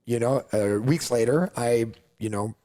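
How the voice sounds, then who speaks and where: Animated man telling a story. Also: mid-range voice, measured pace. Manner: animated, acts out others' lines, heavy use of "like". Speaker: podcast guest, coffee company founder. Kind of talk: casual storytelling.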